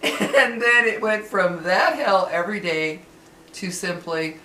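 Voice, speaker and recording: A woman's voice: mid-range voice, slow pace. A woman and former caregiver talking casually and animatedly about a past job, laughing as she tells it. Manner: chatty, animated, laughs while telling. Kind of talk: casual storytelling to camera. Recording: roomy with faint ambient noise.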